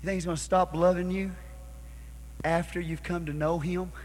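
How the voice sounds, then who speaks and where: Preacher man, high voice, yells and calls out to the church. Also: flat delivery, moderate pace. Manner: preaching with call-and-response, rising to shouts. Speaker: pastor. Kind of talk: sermon. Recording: live church sermon recording.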